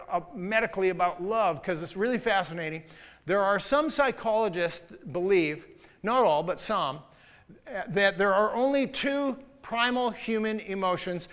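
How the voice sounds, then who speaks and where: A middle-aged pastor preaching a sermon, telling a story with animated delivery and laughing along at it. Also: male voice, high-pitched.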